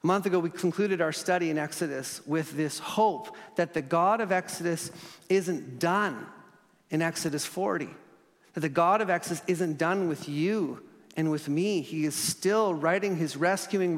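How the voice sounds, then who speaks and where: A man delivers a sermon in an earnest tone, stretching key words slowly and letting phrases fall soft. His voice sits a little high for a man. A long reverb trails his words through the hall. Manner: earnest, with slow emphatic pauses and sudden soft drops. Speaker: pastor.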